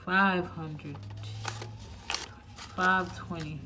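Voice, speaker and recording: A woman with a gravelly, fairly low voice counts bills under her breath at an unhurried pace. She breaks off to chat casually with her viewers. A steady hiss of noise sits under the home recording. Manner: murmurs counts quietly, chatty asides to viewers. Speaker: budgeting channel host. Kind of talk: casual budgeting vlog, counting cash aloud.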